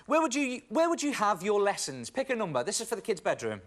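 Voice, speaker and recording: A man's voice: high voice, wildly swooping pitch, fast talker. A British man hosting a children's game show in a TV studio, jokey and teasing. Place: TV studio set.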